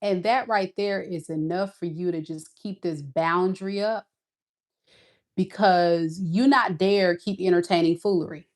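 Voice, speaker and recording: A woman's voice: on the low side, steady tone, a little slow, darkish tone. A woman giving a casual tarot reading, talking in a blunt, sassy, emphatic way. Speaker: tarot reader.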